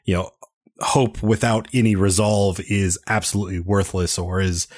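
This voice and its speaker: A man's voice: low voice, steady tone, normal speed, no room sound. A man hosting a casual movie podcast, playful and wry, with a dry, close sound. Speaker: podcast host.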